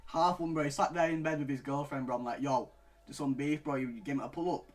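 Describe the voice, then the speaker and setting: This late-teen vlogger talks fast in a slightly high voice with fairly even intonation. His story-time rant is rambling and full of swearing, with "bro" attached to nearly every phrase and swings from quiet muttering to loud outbursts.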